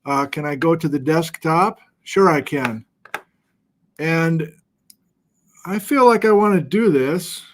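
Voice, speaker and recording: A man's voice: a little high, slow, pauses often. A middle-aged man hosting a casual livestream, chatting in a self-deprecating way and reading out where viewers are watching from. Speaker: livestream host. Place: home studio with document camera.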